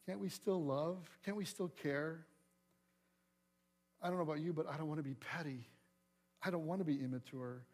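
A middle-aged male pastor delivers a sermon in a fairly high voice. He preaches with lively energy, pressing hard on some lines and dropping to a hush on others. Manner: animated preaching, swings from loud emphasis to soft asides.

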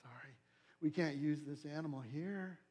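A man's voice: on the high side, normal speed, darkish tone, lightly acted. A man voicing a brusque, dismissive male temple official who turns a worshipper away in a retold story. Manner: brusque, dismissive, matter-of-fact.

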